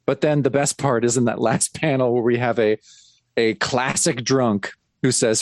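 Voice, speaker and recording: A man's voice: medium pitch, normal speed, no room sound, clean studio sound. A man co-hosting a comic podcast, recapping plot points in an amused way. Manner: animated, amused. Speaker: podcast co-host. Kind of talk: casual chat recapping a comic.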